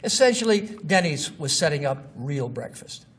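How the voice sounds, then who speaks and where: A man's voice: on the high side, sing-song, normal speed, a bit bright, breathy edge. A man giving an informal lecture, walking through examples with blunt, scoffing asides. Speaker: marketing lecturer. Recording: distant mic with faint noise.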